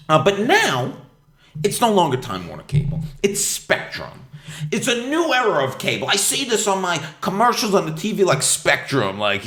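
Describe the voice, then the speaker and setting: A podcast host tells a comic story about battling his cable company, ranting animatedly, swearing a lot, and acting out both him and the phone reps. His medium-pitched voice moves at normal speed, and the room is echoey.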